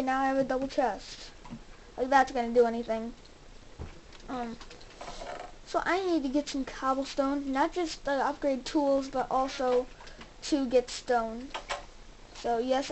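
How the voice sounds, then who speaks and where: A young woman hosting a gaming channel, giving casual commentary as she plays and talking excitedly to her viewers. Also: high voice, a little hiss or hum, low-quality recording. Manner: excitable, exclaims and talks to viewers.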